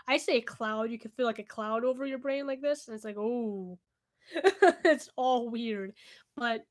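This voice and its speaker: A young woman answering viewer questions in a casual vlog at home, candid and chatty, often laughing and trailing off. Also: fairly high pitch. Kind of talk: casual Q&A chat to camera. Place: indoors at home, cat nearby.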